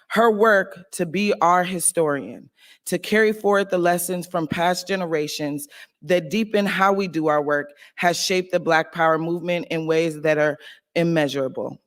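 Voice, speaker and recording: A man's voice: on the high side, moderate pace, fairly bright tone. A man speaking on a symposium panel, delivering a prepared tribute speech in a rhythmic, list-building style with playful asides. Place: university event hall.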